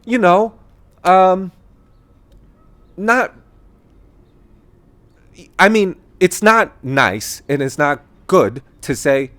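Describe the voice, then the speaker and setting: A man talking casually about his own views, laughing as he goes and jumping into other people's voices. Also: high voice. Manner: animated, laughing, quick quoted voices. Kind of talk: casual opinion monologue.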